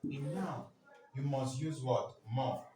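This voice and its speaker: A man with a mid-range, dark-toned voice teaches French to a class at a slow pace, prompting students with questions and drilling words for them to repeat, repeatedly asking "what?" so they fill in answers. The mic sits far from him in a very echoey room, with faint noise.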